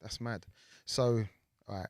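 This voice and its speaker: A man in his thirties hosting a podcast, asking relaxed, chatty questions. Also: on the low side, a little slow, dry recording, clean studio sound. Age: 30s. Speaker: podcast host. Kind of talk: casual interview chat.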